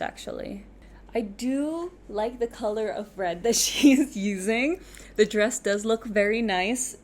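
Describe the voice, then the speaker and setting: A woman's voice: mid-range voice, a little mellow, a little hiss or hum. A young woman with an international-school accent, casually chatting as host of a knitting reaction video. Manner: chatty, laughs easily, thinks aloud.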